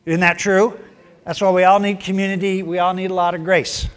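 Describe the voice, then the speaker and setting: A male pastor gives a sermon and tells a tale in a folksy, down-home manner. His voice is fairly high, and he shifts pitch a lot as he narrates. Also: little pitch movement, brisk, clean tone.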